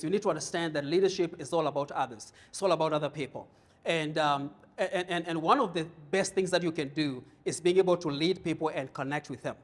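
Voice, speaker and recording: A middle-aged Kenyan man with a Kenyan accent gives a humorous leadership keynote to a live audience in a conference room. His voice is a little high, and he jokes and tells stories, often repeating words as he starts a thought.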